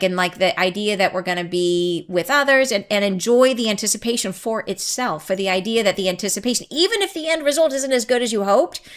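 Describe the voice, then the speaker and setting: Woman, podcast host; chatty and excitable, loose spiritual talk, prone to tangents. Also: mid-range voice. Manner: chatty, rambling, goes off on tangents; laughs often, excitable. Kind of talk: casual spiritual talk to listeners.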